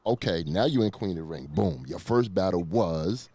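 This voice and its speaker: Very deep-voiced relaxed male host. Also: moderate pace, no echo. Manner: relaxed, slangy, hypes up his guest. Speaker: interview host. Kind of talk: casual interview.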